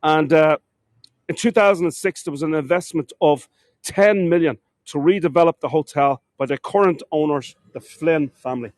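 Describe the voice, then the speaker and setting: A man's voice: on the high side, moderate pace, darkish tone, dry recording. An Irish man narrating a live walking tour of a city, chatting to viewers as "folks" and often stumbling over words and correcting himself. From Ireland. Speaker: tour guide. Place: outdoors on city streets, walking.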